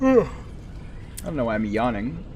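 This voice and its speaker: A man's voice: medium pitch, wildly swooping pitch, slow pace, a little mellow, a little hiss or hum. A man streaming a modded game, chatting with his viewers and joking as he plays. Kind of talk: casual gameplay commentary.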